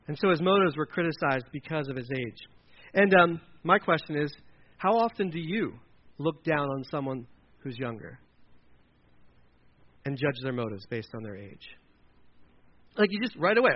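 A man's voice: a little high, expressive, normal speed, lo-fi sound. A male preacher from Delaware giving a conversational sermon, acting out quoted characters as he goes.

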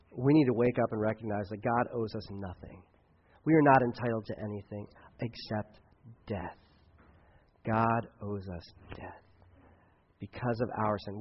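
A man preaching a sermon as pastor, emphatic, swinging between loud outbursts and quiet asides. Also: mid-range voice. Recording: dull lo-fi recording.

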